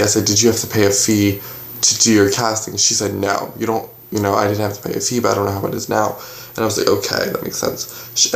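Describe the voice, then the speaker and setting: A man's voice: on the low side, roomy sound. A young man casually telling a long story to the camera, rambling and acting out what everyone said. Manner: rambling, animated retelling with quoted dialogue. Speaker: vlogger. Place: bedroom at home.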